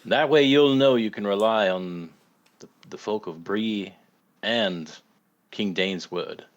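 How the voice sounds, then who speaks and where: A man voicing a calm, diplomatic townsman in a measured way. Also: lowish voice. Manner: measured, slow.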